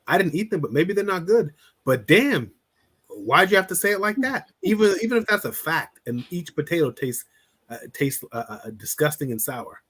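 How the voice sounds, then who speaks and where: A man coaching on relationships in a casual podcast talk, blunt and animated, acting out little scenes and swearing freely. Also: a little high, slightly rough.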